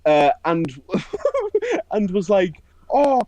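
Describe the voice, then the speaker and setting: A man's voice: fairly high pitch, lively intonation, moderate pace, a little mellow, dry recording, low-quality recording. A young man, co-hosting a podcast and telling a funny story in casual chat, laughing often. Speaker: podcast co-host.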